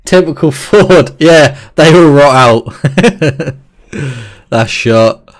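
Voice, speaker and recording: Man, live game streamer, excitable, swears a lot, talks to viewers. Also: mid-range voice, slow, pauses often. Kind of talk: live gameplay commentary.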